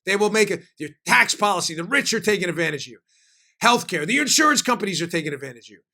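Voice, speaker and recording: A man hosting a political commentary podcast, talking in an animated, emphatic way with frequent fillers. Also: sits high, fast talker, vocal fry. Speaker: podcast host.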